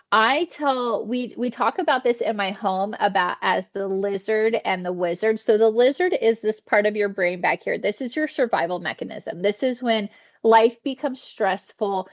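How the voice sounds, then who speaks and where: A woman trainer leading a virtual wellness session, talking in a conversational way and acting out inner thoughts, over a video call. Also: mid-range voice. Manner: warm conversational teaching, acts out inner thoughts. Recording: dull lo-fi video call audio.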